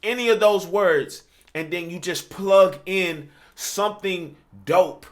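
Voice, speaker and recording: Speaking slowly in a high voice, a rap coach gives a laid-back lesson on writing verses. Fillers such as "you know what I'm saying" pop up often, and he breaks into rapped demonstrations.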